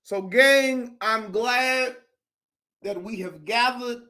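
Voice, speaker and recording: A man's voice: very high voice, voice pushed up, full character voice. A man voicing a fervent church preacher in a mock sermon, drawing out words and repeating himself. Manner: drawn-out, repetitive, swings loud to soft. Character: hollering male church preacher, fervent and dramatic.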